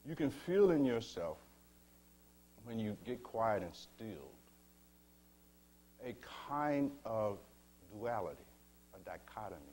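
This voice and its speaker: Low-voiced man giving a slow spiritual teaching. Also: sing-song, a little mellow, a little hiss or hum. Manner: slow, measured, with rhetorical questions to listeners; addresses listeners as beloved.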